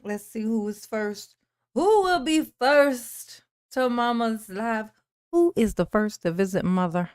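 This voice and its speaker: A woman with a bright, high voice hosts a casual livestream and greets viewers by name with affectionate pet names. She talks in an unhurried way, refers to herself as Mama, and laughs often between greetings. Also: clear, resonant tone. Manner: calls herself Mama in the third person. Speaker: livestream host. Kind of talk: casual live-stream chat greeting viewers.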